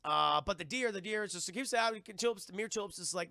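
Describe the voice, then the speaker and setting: Gravelly, animated streamer man. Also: high-pitched, fast talker, no room sound, clean studio sound. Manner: animated and profane, repeats words. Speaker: streamer and reviewer. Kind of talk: casual live-stream commentary.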